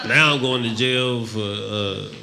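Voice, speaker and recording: A man doing a stand-up set on a comedy club stage, telling a long story in a deadpan way and acting out the other people in it. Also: medium pitch, a little slow, vocal fry. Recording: noisy live club recording.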